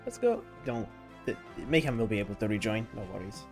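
A woman's voice: extremely low pitch, animated, fairly quick, a little mellow, faint music behind. A woman streaming a game, giggly and hyper, chatting playfully with her teammates. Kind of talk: casual gaming stream chat.

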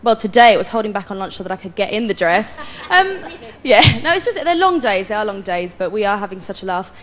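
A woman's voice: medium pitch, very animated, fast. A woman singing contestant chatting casually in an interview, with a laughing manner.

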